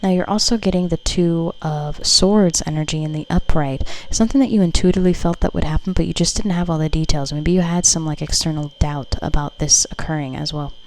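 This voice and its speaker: A woman's voice: deep voice, steady tone, fairly quick, hardly any pauses, a little mellow, poor audio. A woman doing a casual tarot reading for her viewers, chatty and loose, full of fillers and the odd swear word. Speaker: tarot reader.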